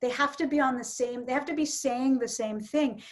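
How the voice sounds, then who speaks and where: A woman's voice: sits high, moderate pace. A woman teaching public speaking in an online workshop, coaching participants with encouragement.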